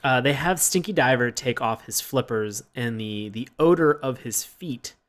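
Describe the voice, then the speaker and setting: A man co-hosting a podcast, chatting casually about a cartoon, often laughing and acting out lines in a high yelp. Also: expressive, moderate pace, fairly bright tone. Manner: laughs often, acts out quotes in high yelps. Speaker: podcast co-host. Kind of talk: casual review chat.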